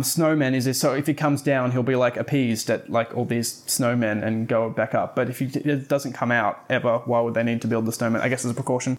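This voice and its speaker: A man casually recapping a story, rambling with fillers and wry asides. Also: mid-range voice.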